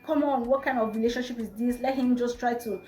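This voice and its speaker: A woman's voice: on the high side, fairly even intonation, a little fast, warm tone, natural voice. A woman voicing a persistent young man coaxing her on a date, in her own voice. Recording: roomy with faint music.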